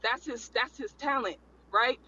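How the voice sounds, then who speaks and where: A man with a very high, bright voice talks in rambling bursts, hammering his points by repeating them. The recording is slightly muffled, with faint noise underneath. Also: unhurried. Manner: rambling, emphatic, repeats himself. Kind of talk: casual panel chat.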